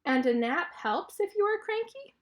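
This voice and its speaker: A woman voicing a friendly, curious female cartoon pig who asks slow, careful questions. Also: high-pitched, wildly swooping pitch, darkish tone, full character voice.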